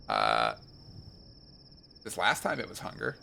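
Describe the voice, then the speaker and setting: Gravelly, animated male game streamer. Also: lowish voice, moderate pace, long pauses, a little hiss or hum. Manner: playful, jokey asides. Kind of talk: let's play commentary.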